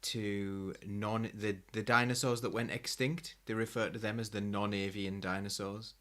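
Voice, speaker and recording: Deep-voiced relaxed male co-host. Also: normal speed. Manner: relaxed, rambling, a little nerdy. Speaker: podcast co-host. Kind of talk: casual chat.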